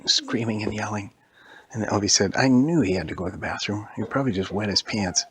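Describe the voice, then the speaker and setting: A man telling a made-up spooky story to a child, switching into high squeaky voices for characters and dropping to a whisper at scary moments. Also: a little fast, a crowd in the background. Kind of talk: improvised bedtime-style story for a child.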